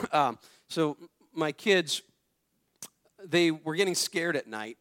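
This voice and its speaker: A male pastor gives a relaxed, conversational sermon in a somewhat high voice. He tells stories and leans on repeated phrases to drive the point home. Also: slow. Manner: storytelling, repeats phrases for emphasis.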